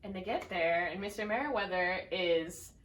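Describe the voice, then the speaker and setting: A young woman co-hosting a casual chat, recapping a sitcom and quick to chime in. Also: lowish voice, a bit bright. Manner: chatty, quick to chime in and laugh. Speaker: podcast co-host. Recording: echoey room, distant from the mic.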